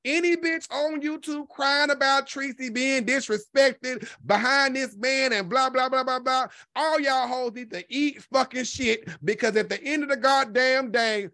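A vlogger giving sassy, profane gossip commentary in a lively, emphatic way, swearing constantly and stretching words for emphasis. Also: sits high, measured pace, dry recording, clean studio sound.

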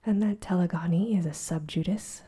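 A woman voicing a gruff, furious older male professor in a whispered role-play, growling and insulting. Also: on the low side, moderate pace, warm tone. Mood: scornful.

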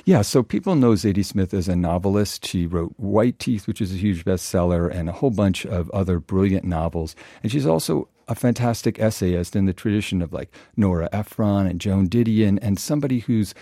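A man's voice: sits low, animated, fairly quick, hardly any pauses, dark tone, no echo, clean studio sound. A man guesting on a radio show, talking enthusiastically about books and reading passages of prose aloud. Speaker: guest book critic. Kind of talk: radio interview, book talk.

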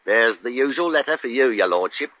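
An actor playing a nervous, fawning resort clerk who stammers and fusses, in 1940s radio comedy. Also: male voice, medium pitch, animated, fairly quick, fairly bright tone. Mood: flustered. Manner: flustered, stammering and deferential. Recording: dull lo-fi old radio recording.

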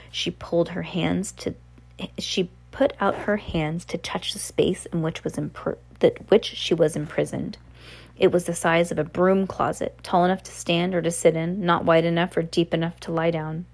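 A woman reading a novel aloud in a relaxed way, with slips and self-corrections. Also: fairly low pitch, moderate pace, creaky. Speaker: reader.

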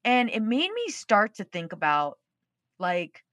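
A woman's voice: medium pitch, wildly swooping pitch, slow, fairly bright tone, no echo, clean studio sound. A woman hosting a podcast, telling a personal story in a casual, candid way and swearing freely. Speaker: podcast host.

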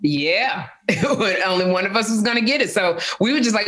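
A middle-aged woman, a guest, telling animated stories in a casual interview and laughing often. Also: medium pitch, moderate pace.

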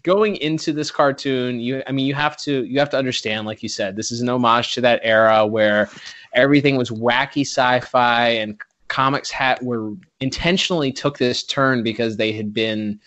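A man's voice: mid-range voice, steady tone, moderate pace, fairly bright tone, dry recording. Guy rambling on a podcast, keeps restarting, chuckles a lot, dry muffled mic. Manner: rambling, self-correcting, chuckles often. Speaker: podcast co-host. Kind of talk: casual chat.

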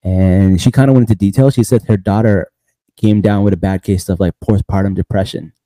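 A man with a lowish, mellow voice keeps a steady tone and a brisk pace as he hosts a podcast. He rambles loosely through a casual recap, laughing between lines and repeatedly saying "bro." The recording is dry.

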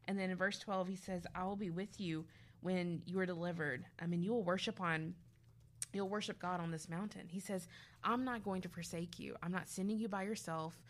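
Lower-voiced woman telling faith stories. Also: brisk. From grew up youngest of five. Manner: animated storytelling, acting out quotes. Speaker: podcast co-host. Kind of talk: casual faith talk.

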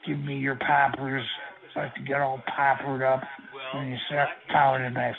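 A man's voice: mid-range voice, completely flat delivery, normal speed, vocal fry, crowd noise. A man making crude prank phone calls, rambling, stammering and talking lewdly. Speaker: prank caller. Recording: tinny phone line.

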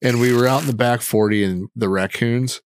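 A man's voice: medium pitch, steady tone, fairly quick, slight background noise. A man co-hosting a casual podcast, telling a rambling, profane story and laughing at it. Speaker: podcast co-host.

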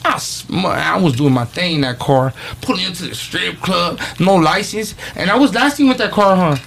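A man telling profane, animated street stories in casual talk. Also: sits high, moderate pace, gravelly, a little hiss or hum. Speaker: podcast guest, rapper. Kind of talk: casual storytelling.

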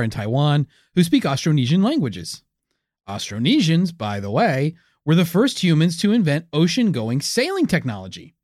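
A man co-hosting a comedic podcast, reading history notes quickly with jokey asides. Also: mid-range voice, a little mellow, no room sound, clean studio sound. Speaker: podcast co-host. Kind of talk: casual comedic podcast chat.

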